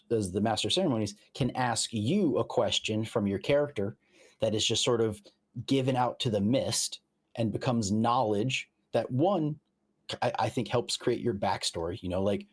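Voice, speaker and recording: A man's voice: lowish voice, normal speed, husky. A man, the game master, explaining tabletop game rules in casual chat, walking through them step by step with examples and restarting his sentences.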